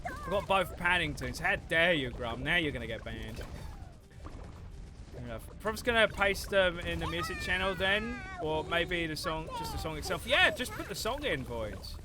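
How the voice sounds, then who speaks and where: Young male streamer, casual rambling chat with swearing, fairly high voice. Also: very animated, normal speed, over music. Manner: rambling, swears freely, reads chat aloud. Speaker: livestreamer.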